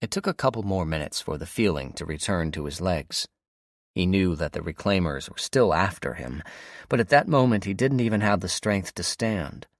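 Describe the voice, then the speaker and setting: Audiobook narrator: a man with a very low voice, steady and measured, close and dry. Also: no room sound. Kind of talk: scripted narration.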